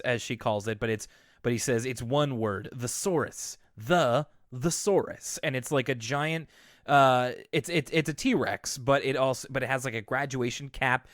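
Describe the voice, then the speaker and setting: A young man talks through a cartoon episode in a relaxed podcast chat, his voice sitting at an ordinary middle pitch. He acts out the characters' lines as he goes and laughs easily. The sound is dry and close to the mic. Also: no echo. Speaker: podcast co-host.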